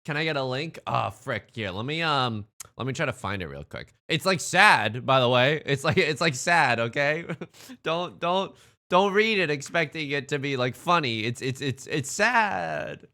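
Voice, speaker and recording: Upbeat bright-voiced male streamer. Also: fairly high pitch, lively intonation, a little slow. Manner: upbeat, greets chatters, talks while eating. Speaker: live streamer. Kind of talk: casual live-stream chat.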